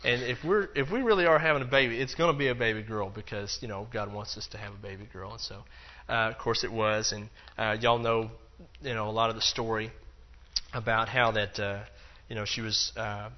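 A man's voice: on the low side, brisk, lo-fi sound. A man teaching a Bible lesson in a loose, conversational way, acting out the quotes and dropping in plenty of fillers. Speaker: preacher.

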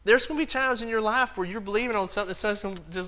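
A man's voice: high voice, racing, slight background noise. Conversational male preacher, lo-fi sound. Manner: conversational, acts out quotes, many fillers. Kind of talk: Bible teaching sermon.

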